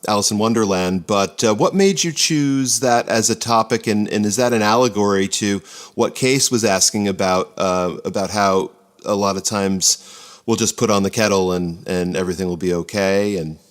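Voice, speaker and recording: A man's voice: lowish voice, normal speed. A man co-hosting a casual podcast interview who asks questions and throws in jokey remarks. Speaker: podcast co-host.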